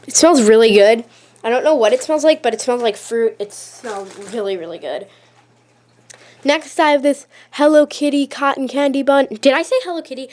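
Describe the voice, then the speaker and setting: A woman's voice: high voice, lively intonation, moderate pace, darkish tone. A woman vlogging a casual show-and-tell, chatty and gushing, with lots of "like" and "really, really". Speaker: YouTube vlogger showing her collection. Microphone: handheld camera, shaking at times.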